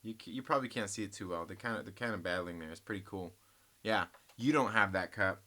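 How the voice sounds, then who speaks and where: A man's voice: lowish voice, fast talker, sharp tone. A man hosting a comic book channel, chatting casually and rambling, joking and teasing and addressing viewers as guys. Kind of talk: casual rambling vlog chat.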